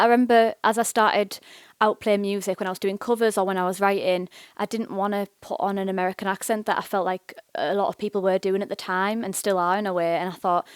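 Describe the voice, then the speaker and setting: A woman's voice: mid-range voice, clear, resonant tone, no room sound, clean studio sound. A woman with a Teesside accent who enunciates every word, answering questions as a singer-songwriter guest at a live interview in a bookshop. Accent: Teesside English.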